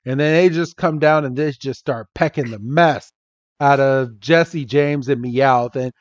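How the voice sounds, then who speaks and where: A man's voice: mid-range voice, unhurried, dry recording, highs cut off. A man hosting a podcast, playfully recapping an episode and acting out the characters' lines. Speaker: podcast host.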